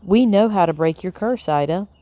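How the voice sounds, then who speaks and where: A woman's voice: fairly low pitch, moderate pace, mellow, no room sound, natural voice. A woman doing a cheeky scheming girl.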